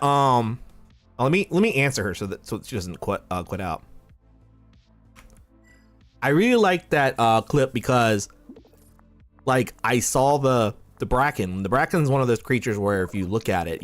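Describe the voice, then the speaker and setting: A man's voice: medium pitch, very animated, moderate pace, soft background music. A man streaming a video game live, reading chat aloud and giggling as he plays. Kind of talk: casual gaming livestream chat.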